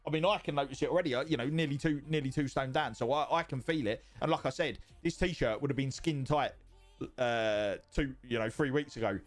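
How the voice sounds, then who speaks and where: Speaking a bit quickly at medium pitch, a man chats with viewers from his home stream. He reads their messages aloud, rambling, swearing and saying the same things more than once.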